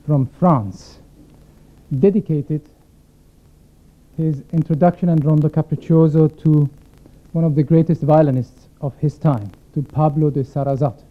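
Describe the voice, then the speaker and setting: Male concert violinist, reflective spoken intro from the stage, slightly high voice, tinny lo-fi capture. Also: fairly even intonation, measured pace. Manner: reflective, explanatory, poses questions to the audience. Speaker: concert violinist addressing the audience. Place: concert stage before a live audience. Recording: thin phone-like sound.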